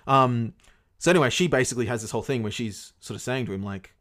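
Fast-talking man telling a rambling tale. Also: mid-range voice, fairly bright tone. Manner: rambling, swears often, many fillers. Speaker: podcast host. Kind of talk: casual storytelling to a co-host.

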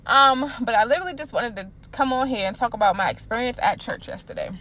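A young woman tells a personal story on her solo podcast. She talks in a loose, chatty, animated way, full of slang and asides, and her voice sits a little on the high side. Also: fast. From Maryland, USA. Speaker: podcast host. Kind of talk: casual solo podcast talk.

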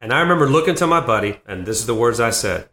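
A man in his fifties, a comedian and former Marine, spins animated anecdotes in an interview and laughs between lines. His voice sits in a middle range. The recording has a roomy echo. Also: mid-range voice, rapid-fire. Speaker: comedian and Marine veteran guest. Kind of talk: storytelling interview.

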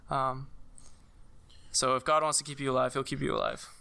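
A young man telling a personal story in casual conversation, halting, with many fillers and restarts. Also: mid-range voice, flat delivery, vocal fry, bright, forceful tone, clear, resonant tone. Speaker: guest sharing a personal story.

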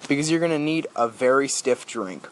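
A man's voice: medium pitch, lively intonation, moderate pace, close to an everyday voice, rough recording. A man reading aloud and voicing an odd alien traveller who talks urgently and insistently.

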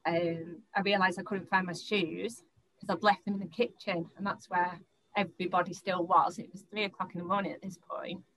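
A woman's voice: on the low side, level tone, normal speed, fairly bright tone, rough recording. A young woman, recounting a personal experience in an interview, often stopping, restarting and repeating words.

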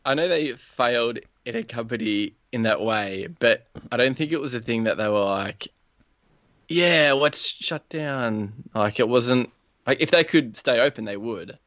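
A man's voice: medium pitch, normal speed, a bit bright, no room sound, dull audio. A young man co-hosting a gaming podcast, blunt and joking. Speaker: podcast co-host. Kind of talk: casual gaming podcast chat.

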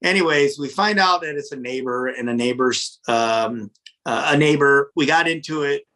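A restaurant owner telling a story in his office, animated and profane, often repeating words when he gets worked up. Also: mid-range voice, moderate pace. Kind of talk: casual storytelling in an interview.

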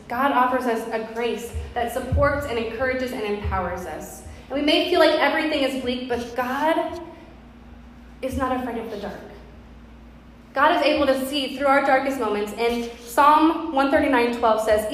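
A woman's voice: high voice, normal speed. A woman pastor in her thirties preaching a sermon, telling a personal story in an earnest, conversational way. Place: church sanctuary. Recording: very echoey hall with faint background noise.

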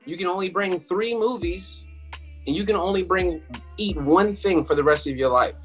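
A young man with a slightly high voice hosts a casual podcast segment. He talks in a relaxed, conversational way. Faint music sits behind him. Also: moderate pace. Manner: laid-back, laughing, introduces segments. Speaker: podcast co-host. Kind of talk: casual chat.

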